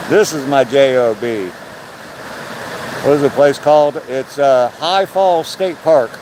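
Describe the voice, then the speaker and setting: Walking down a rocky forest trail by a waterfall, an older man livestreams a casual chat, talking loosely and swearing now and then. His voice is medium-pitched and slow, with frequent pauses and background noise.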